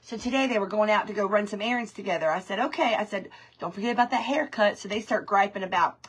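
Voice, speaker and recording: A woman's voice: mid-range voice, fast talker, hardly any pauses, breathy edge. A woman, chatting through a live craft stream, greeting viewers by name and laughing often. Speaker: craft livestream host.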